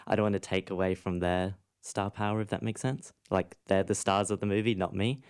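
Male composer, interview guest, deep clear voice, reflective. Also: steady tone, fairly quick. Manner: thoughtful, explains at length. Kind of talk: interview conversation.

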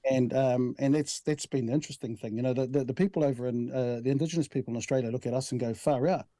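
A man in his sixties with a New Zealand accent, talking in an easygoing, storytelling way and often restarting his sentences. His voice is mellow and sits at a middle pitch. It sounds close and dry, with no room echo. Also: fairly even intonation, very fast. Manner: easygoing storyteller, frequent restarts, says "bro" and "right?". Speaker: head of a national language commission. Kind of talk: relaxed conversational interview.

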